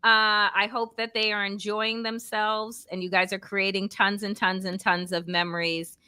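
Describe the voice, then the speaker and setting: A woman hosting a political talk show, wrapping up with effusive thanks. Her voice is bright and crisp, and it is recorded close and dry. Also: mid-range voice, little pitch movement, normal speed, dry recording. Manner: warm, effusive sign-off. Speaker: host. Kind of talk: casual chat, show sign-off.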